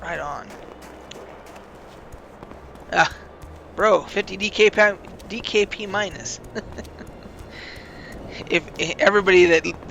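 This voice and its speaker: A man with a gravelly, slightly high voice rambles through gameplay stories in a loose, profane, animated way. He sounds like a host chatting while he plays. A steady hiss of noise sits under the recording. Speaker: gaming channel host. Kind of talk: casual gameplay commentary with stories.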